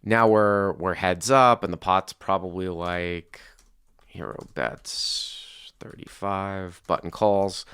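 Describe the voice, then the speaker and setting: A man's voice: low-pitched, fairly even intonation, slow, fairly bright tone, smooth, no room sound. A male podcast host talking through a poker hand, methodically restating each bet and action. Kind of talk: casual poker discussion.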